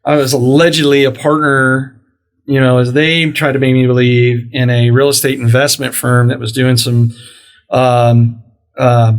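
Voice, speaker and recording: A man's voice: mid-range voice, unhurried. A middle-aged man hosting a podcast, telling a long story in a casual way and acting out the quoted lines of the people in it. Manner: animated storyteller, acts out quoted dialogue. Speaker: podcast host.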